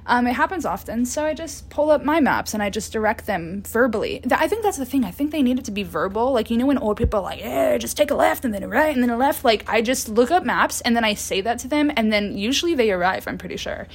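Young woman, casual solo podcast, rambling, laughing, swearing, fairly high voice, phone mic. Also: animated, quick pace, few pauses. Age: 20s. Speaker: podcast host.

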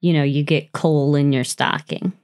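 A woman's voice: deep voice, fairly even intonation, moderate pace, a little mellow. Playful woman podcast host telling a spooky tale. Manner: playful, swearing, dramatic second-person storytelling with laughs. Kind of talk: casual podcast storytelling.

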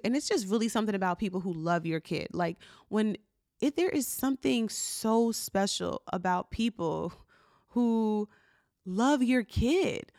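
A woman hosts her own podcast, talking casually and from the heart. Her speech is loose and chatty, full of "like" and "you know". Her voice sits at a middle pitch and sounds dry, with no room echo. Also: darkish tone. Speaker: podcast host. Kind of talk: casual solo podcast talk.

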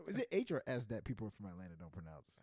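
A man's voice: on the low side, fast, gravelly, slightly rough, dry recording, clean studio sound. A man co-hosting a podcast in casual, teasing banter, with a Nigerian-influenced English accent. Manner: animated, jokey, teasing. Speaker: podcast co-host.

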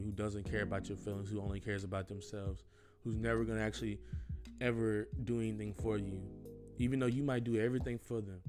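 Rambling, earnest young man podcasting. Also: fairly low pitch. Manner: rambling, earnest, repeats himself, slangy. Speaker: podcast host. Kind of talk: casual solo podcast monologue.

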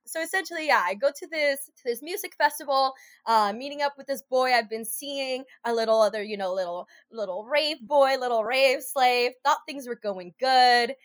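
A young woman with a high voice co-hosts a casual podcast and tells a story in an animated, chatty way, swearing and piling up fillers. Her sound is dry and close to the mic. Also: moderate pace, dry recording. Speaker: podcast co-host.

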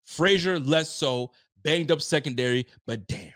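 A man's voice: on the high side, unhurried, fairly bright tone. A young man hosting a live sports stream, ranting with frustration and swearing freely, sometimes acting out players' voices. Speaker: livestream host. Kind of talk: animated live sports rant.

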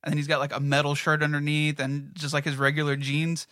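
A young man chatting casually among friends, telling fast, animated anecdotes full of profanity and quoted voices. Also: a little high, no room sound, clean studio sound. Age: young adult. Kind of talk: casual chat, storytelling.

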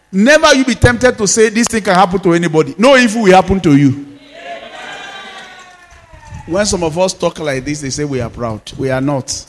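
Nigerian preacher guy, high pitched, loud declarations then chatty stories, big echoey church. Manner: declaring blessings with shouts, then storytelling quietly. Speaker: pastor. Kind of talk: sermon.

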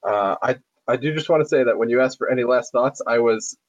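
A man co-hosting a casual sports podcast in a measured, hedging way. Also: mid-range voice, dry recording, lo-fi sound. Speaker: podcast co-host.

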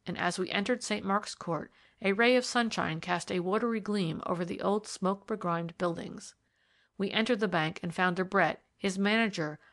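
A woman reading a Victorian detective story aloud as narrator, lifting her voice for the quoted characters. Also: fairly bright tone. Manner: lifts pitch and volume for quoted characters. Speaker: audiobook reader. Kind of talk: scripted narration of a Victorian mystery.

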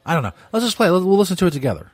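A man's voice: high voice, very animated, racing, no echo. A man hosting a radio show, talking in a crude, rambling way with laughing asides. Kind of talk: crude casual live radio talk.

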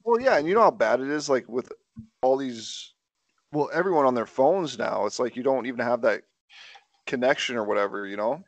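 A man with a mid-pitched voice and an animated, lively melody. He teases his friends in laid-back podcast banter, and the recording is dry and close. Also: brisk, no echo, dull audio. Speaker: podcast co-host. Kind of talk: casual banter.

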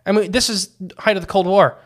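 A man's voice: high-pitched, a little fast, fairly bright tone. A man co-hosting a casual podcast, reading quotes from his notes and often restarting his sentences. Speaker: podcast co-host.

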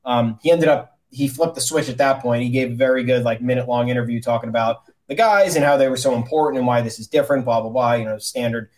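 A man's voice: medium pitch, fast talker, few pauses, rough recording. Casual male sports podcast co-host. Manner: loose and joking, with frequent fillers and restarts. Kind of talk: casual chat.

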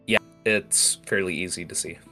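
A man's voice: low-pitched, steady tone, moderate pace, bright, forceful tone. A man narrating as game master of a tabletop game, rambling with restarts, over faint guitar music. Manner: rambling, many fillers and restarts.

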